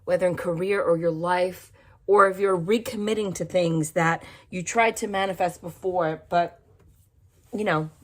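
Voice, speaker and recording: A woman's voice: lowish voice, a little slow. A woman tarot reader talking casually to her viewers about spiritual practice, stopping often to check in and correct herself. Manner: chatty, repeats "okay?", frequent small slips and self-corrections. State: cold, shivering. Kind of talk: casual spiritual talk to camera.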